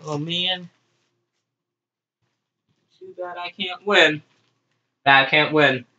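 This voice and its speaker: A young man voicing wrestlers in a video game, yelping, groaning and shouting as the action goes. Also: sits high, measured pace, pauses often. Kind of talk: excitable voiced game play. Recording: dull lo-fi home recording with faint noise.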